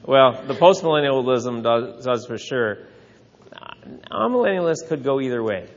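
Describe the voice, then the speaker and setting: A man's voice: mid-range voice, lively intonation, normal speed, lo-fi sound. Man teaching a Bible class in a hall. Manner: conversational, asks rhetorical questions. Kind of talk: lecture with class questions.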